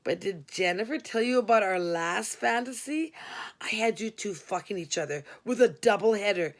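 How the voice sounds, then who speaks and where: A woman's voice: medium pitch, animated, normal speed, close to an everyday voice. A woman doing a crude, pushy male caller. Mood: lewd. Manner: leering, pushy.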